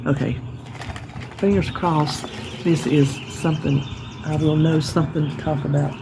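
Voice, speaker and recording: A woman's voice: sits low, fairly even intonation, normal speed, gravelly, noisy background. A woman with a Southern US accent chatting casually on a porch, a rambling folksy storyteller. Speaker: vlogger. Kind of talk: casual chat vlog. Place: outdoors on a porch with birds around.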